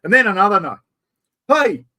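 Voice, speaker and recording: An Australian man in middle age hosts a casual chat with a slightly raised pitch. He tells his stories in an animated, yarn-spinning way. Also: normal speed. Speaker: host.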